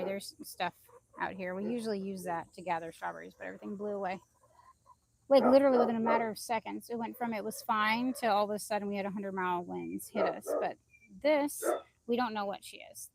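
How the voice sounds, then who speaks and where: A woman vlogger walks through her backyard garden on a phone live stream, holding the phone in her hand as she chats casually and rambles loosely. Her voice has vocal fry, she calls out high to her chickens, and there's background noise.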